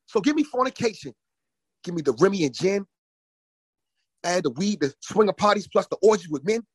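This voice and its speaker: A man's voice: high-pitched, a little fast, slightly rough, no room sound, clean studio sound, full character voice. A man voicing the solemn, loving divine voice of a male savior speaking to him. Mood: tender solemn. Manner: calm, solemn, loving reassurance.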